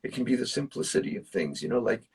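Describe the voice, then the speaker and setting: A man's voice: medium pitch, very animated, fast, vocal fry, husky, recorded from a distance. A man, a musician guest, telling personal stories in casual chat, earnest and emphatic, with plenty of fillers. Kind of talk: casual storytelling.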